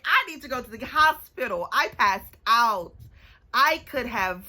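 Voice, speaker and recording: A young woman telling a story to her camera in a casual storytime vlog, animated and sassy, calling the listener baby and honey. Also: a little high, a little slow, rough recording. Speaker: vlogger.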